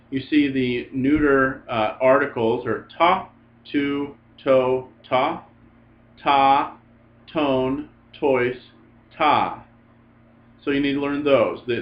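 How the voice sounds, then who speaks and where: Patient man teaching Greek, muffled sound. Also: medium pitch. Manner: patient, repeats forms, frequent "uh" fillers. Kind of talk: recorded classroom lecture. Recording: muffled lo-fi recording.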